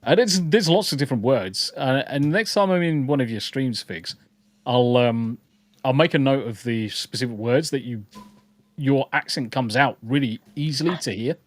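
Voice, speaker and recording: This podcast co-host is a man from the English Midlands with a mixed, partly southern English accent. In casual chat he reads out comments, making rambling jokes and repeating words, speaking at normal speed in a medium-pitched voice.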